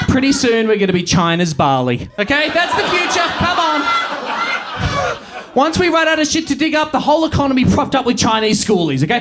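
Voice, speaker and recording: An Australian man doing a profane stand-up set, ranting and bursting into shouts. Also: extremely high pitch. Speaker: stand-up comedian. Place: comedy venue with live audience. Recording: live club audio with crowd laughter and noise.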